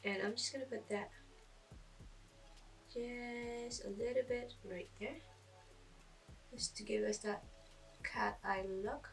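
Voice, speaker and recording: A woman's voice: on the high side, steady tone, slow pace, creaky, pauses often, far from the mic, faint music behind. A woman giving a casual makeup tutorial, chatting, thinking aloud and poking fun at herself as she goes. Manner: chatty, self-deprecating, thinks aloud with fillers. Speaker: beauty vlogger.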